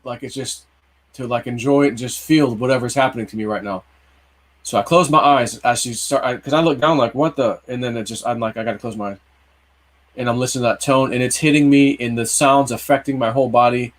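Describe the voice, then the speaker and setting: A man's voice: medium pitch, brisk. A man in his early forties casually telling a long personal story on a livestream, rambling, with many fillers and restarts. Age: 40s. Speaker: livestream co-host.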